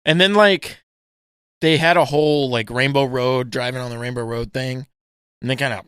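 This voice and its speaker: A young man co-hosting a podcast, chatting casually and profanely, retelling scenes with animated energy. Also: mid-range voice, moderate pace, clean tone, dry recording, studio quality. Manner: animated, profane, acts out movie scenes in funny voices. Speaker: podcast co-host. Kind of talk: casual chat.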